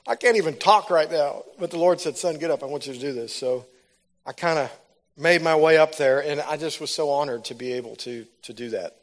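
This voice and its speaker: The speaker is a man whose voice is a little high and whose delivery is fairly quick. In his sermon, a personal testimony told as a story climbs into loud, fervent preaching.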